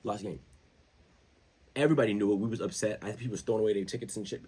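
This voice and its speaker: A man hosting his own show, talking football in a casual, slangy, rambling way that gets more animated as he goes. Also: fairly low pitch, quick pace, breathy edge. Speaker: show host. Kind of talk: casual sports commentary.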